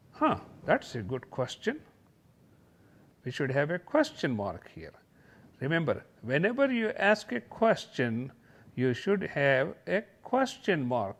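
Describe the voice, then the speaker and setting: Guy teaching little kids off slides, slow and patient, voice goes up and down a lot, kinda high. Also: huge pitch swings. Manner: slow, patient, sing-song explaining. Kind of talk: slideshow lesson for young children.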